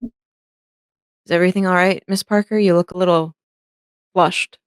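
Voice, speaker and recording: A woman doing a shy, low-voiced young lord. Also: steady tone, normal speed, clean tone, no echo, clean studio sound, lightly acted. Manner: hesitant, mumbling, self-deprecating. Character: shy, awkward young lord, short and self-conscious.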